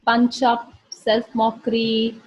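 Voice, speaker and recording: A woman's voice: fairly high pitch, completely flat delivery, slow pace, husky, poor audio. A woman hosting a video, giving reflective commentary on a comedy set in a coaching tone. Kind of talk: casual commentary.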